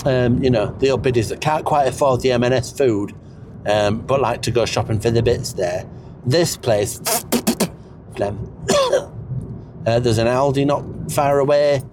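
A man rambles through a comedic character chat in a deadpan, snobbish way. His slow delivery swings widely in pitch, and a faint hum sits behind him.

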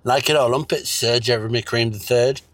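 A man's voice: medium pitch, steady tone, fairly bright tone, no room sound, lightly acted. A man voicing a sleepy, mumbling man who fakes a clumsy French accent, full of hesitations. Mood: droning. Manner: slow and mumbling, with many hesitations.

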